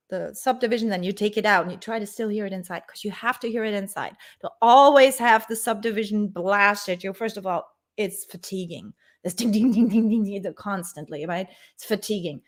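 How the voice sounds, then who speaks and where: A woman teaching bass in a live-streamed lesson, talking informally and laughing easily as she answers viewers.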